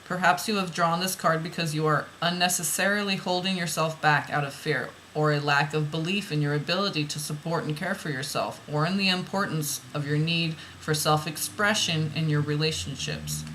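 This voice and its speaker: A woman's voice: on the low side, fairly even intonation, normal speed, fairly bright tone, slight background noise, poor audio. A woman reading oracle card messages aloud, then musing about them in loose, rambling asides that repeat phrases.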